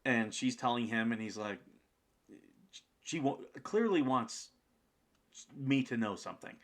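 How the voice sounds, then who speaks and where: A man, a podcast guest, telling a story in a casual, animated way, acting out the people in it, with plenty of fillers. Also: medium pitch, measured pace. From United States.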